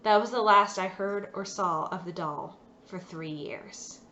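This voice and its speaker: Woman author, storybook narration, expressive, bright voice, muffled lo-fi sound. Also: mid-range voice, unhurried, a little hiss or hum. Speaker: author reading her own chapter. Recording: dull lo-fi recording.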